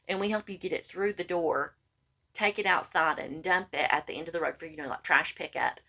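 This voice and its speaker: Woman podcaster, lower register, animated casual storyteller who keeps saying "honey.". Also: fairly quick. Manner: animated, acts out quoted lines, calls listener honey. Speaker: podcast co-host.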